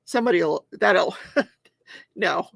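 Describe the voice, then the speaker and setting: A woman's voice: on the low side, expressive, drawn-out words, vocal fry. An older woman hosting a casual livestream, chatting and reading viewer comments aloud while she crafts, laughing often. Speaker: host of a crafting and true-crime talk show.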